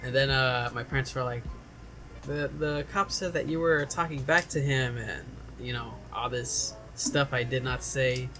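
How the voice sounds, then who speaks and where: Young male podcast co-host, mid-pitched, storytelling in casual chat with faint music behind. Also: unhurried, pushed and bright, low-quality recording. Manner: storytelling, acting out quotes with laughter.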